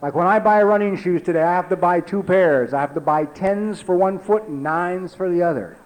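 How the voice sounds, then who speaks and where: A man in his forties telling a personal recovery story at a meeting, talking conversationally with lots of "you know" and dropping low and quiet for emphasis. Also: normal speed, rough recording. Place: meeting hall.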